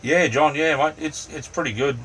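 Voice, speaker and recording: A middle-aged Australian man, pitched on the high side, chats casually with livestream viewers at a moderate pace from his small camper van. His voice is a bit bright, and his rambling, relaxed talk is full of ums and "mate." A distant mic records him over a faint fan hum.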